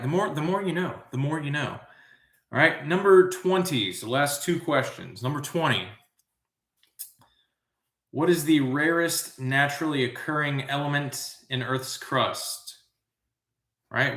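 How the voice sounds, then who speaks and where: A man's voice: mid-range voice, measured pace, pushed and bright, reverberant. A man hosting live trivia, riffing in a goofy, self-amused way and wandering off on tangents. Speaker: trivia host. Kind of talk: rambling live trivia commentary.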